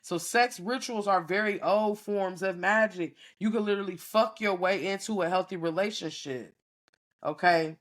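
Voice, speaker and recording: A woman's voice: mid-range voice, normal speed. Blunt, profane woman podcast host. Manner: keeps checking in with listeners. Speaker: podcast host teaching a class. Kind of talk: casual frank monologue to listeners.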